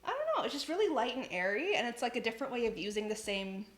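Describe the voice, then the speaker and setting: A young woman hosts a cooking livestream from her home kitchen, chatting casually, giggling, and reading the chat aloud. Her voice is fairly high and sing-song, she talks fast and says "like" a lot, and the room is echoey.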